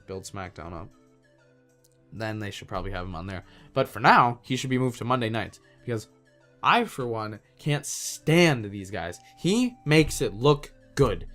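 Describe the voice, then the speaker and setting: A man's voice: fairly low pitch, fairly bright tone. A man hosting his own podcast, ranting in an exasperated, casual, slangy way. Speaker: podcast host. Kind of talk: solo wrestling podcast rant.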